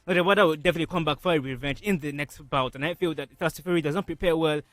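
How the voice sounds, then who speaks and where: A man on a radio sports panel giving quick, assured takes. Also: on the high side, fairly bright tone, dry recording. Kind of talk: casual sports talk.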